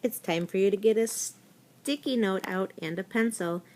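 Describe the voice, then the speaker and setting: An elementary school teacher gives a recorded spelling lesson to young children, talking through words and spelling them out letter by letter. Her mid-range, darkish voice keeps a moderate pace.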